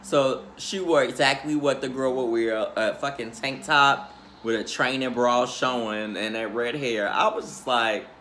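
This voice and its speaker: A man hosting a casual reality show recap, gossiping in a sassy, animated, profane way. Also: mid-range voice, a little slow, slight background noise.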